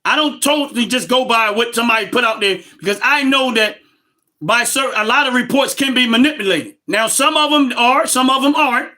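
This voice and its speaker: A man, hosting a livestream and ranting about politics loudly and emphatically, repeating his points. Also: very high voice, a little fast. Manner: loud, emphatic and repetitive, laughs between points. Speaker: livestream host.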